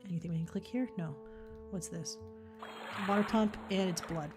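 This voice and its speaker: A woman's voice: on the low side, moderate pace. A woman streaming a puzzle game, chatting casually and thinking aloud as she plays, with the odd offhand swear. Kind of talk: casual let's-play commentary. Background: faint game music.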